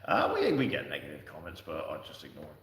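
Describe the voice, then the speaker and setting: A man's voice: extremely low pitch, wildly swooping pitch, fast, fairly bright tone. A man hosting a casual livestream, chatting and answering viewers in a rambling way with fillers and restarts. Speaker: livestream host. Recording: echoey room, distant from the mic.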